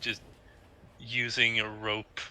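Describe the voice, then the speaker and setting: A man playing in a tabletop game, speaking hesitantly with many pauses. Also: lowish voice, monotone, sharp tone, a little hiss or hum. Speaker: player.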